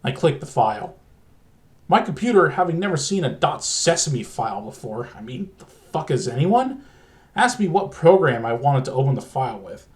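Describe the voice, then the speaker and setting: A man's voice: medium pitch, very animated, normal speed, darkish tone. A man narrating a crude comedic horror story in a profane, exasperated way.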